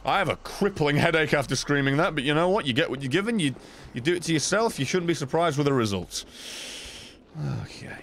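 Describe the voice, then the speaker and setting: A young man streaming live gameplay, swearing constantly, thanking donors and breaking into loud shouts. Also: medium pitch, expressive, fast talker, a little hiss or hum. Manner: thanks chat donors between fights.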